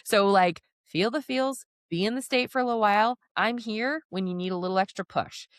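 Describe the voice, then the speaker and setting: Woman co-host, animated storyteller, mid-range voice, dry close recording. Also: mid-range voice, a little fast, dry recording. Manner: lively storyteller who acts out quotes. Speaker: podcast co-host. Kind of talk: casual podcast conversation.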